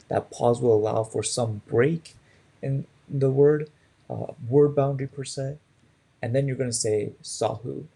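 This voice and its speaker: Gravelly-voiced young man teaching. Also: medium pitch, dark tone. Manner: conversational, frequent "right?" tags. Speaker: public speaking teacher. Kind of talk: teaching a class.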